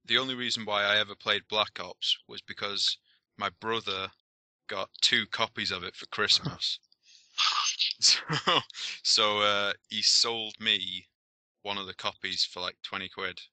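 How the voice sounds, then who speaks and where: A man's voice: on the low side, fairly even intonation, a little slow, sharp tone, dry recording. A man chatting casually on a gaming podcast, easygoing and laughing along. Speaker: podcast co-host. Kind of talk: casual chat.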